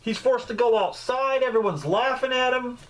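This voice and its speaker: A man giving a casual, joking movie review, with swearing and lively storytelling. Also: very high-pitched, normal speed, rough recording. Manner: profane, joking, animated storytelling.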